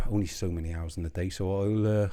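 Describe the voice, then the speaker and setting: A man with a low, mellow voice delivers a rambling, profane rant straight to camera. He is sardonic and slips in and out of a mock accent as he goes. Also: fairly even intonation, brisk. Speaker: online commentator. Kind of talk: ranting video commentary.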